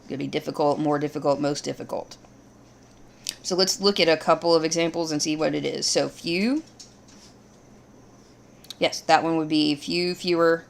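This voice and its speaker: A woman teaching a grammar lesson, explaining rules step by step in a steady way. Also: low voice, vocal fry.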